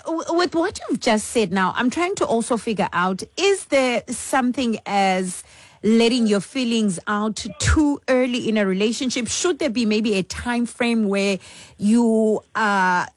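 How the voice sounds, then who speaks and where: A woman hosts a radio talk show, mixing English with Zulu as she introduces her topic and guest. Her voice sits a bit higher than most, and her manner is friendly and inviting. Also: a little slow, dry recording. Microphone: studio mic with headphones.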